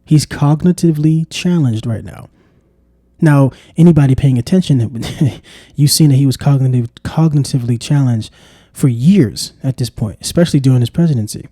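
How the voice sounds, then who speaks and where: Exasperated man, dark dry voice. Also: mid-range voice, moderate pace, no echo. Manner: exasperated, repeats "come on, man". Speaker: vlogger. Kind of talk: casual political commentary monologue.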